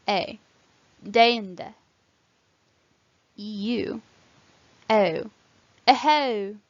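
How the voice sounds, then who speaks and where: A woman's voice: medium pitch, a bit bright, no echo, muffled recording. Latin teacher woman, careful enunciation. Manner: clear, careful, deliberate enunciation of example words. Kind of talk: scripted instructional narration.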